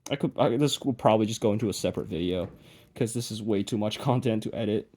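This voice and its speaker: A young adult vlogger speaks quickly in a fairly low, warm voice as he works on a project and talks casually to camera. He tends to mumble, knock himself, and trail off before restarting.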